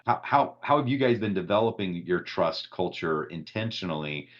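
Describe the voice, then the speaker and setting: A man's voice: low-pitched, animated, normal speed, highs cut off. A man hosting a podcast interview, talking in a reflective, conversational way with plenty of filler words. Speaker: podcast host.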